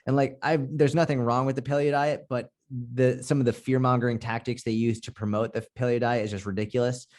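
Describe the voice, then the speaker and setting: A man with a Boston accent talks as a guest on a casual podcast. He is blunt and animated and swears freely. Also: medium pitch, fairly quick. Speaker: podcast guest, fitness coach.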